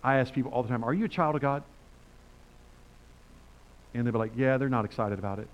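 Older man preaching a lively sermon. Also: medium pitch, fast talker, highs cut off. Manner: animated, conversational preaching with quoted voices.

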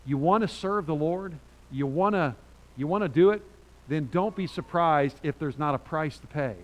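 A man's voice: on the high side, moderate pace. Older preacher man in a reverberant church. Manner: animated preaching, loud rises, reads scripture aloud. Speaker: pastor. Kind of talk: sermon. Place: church sanctuary. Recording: church hall with long reverb.

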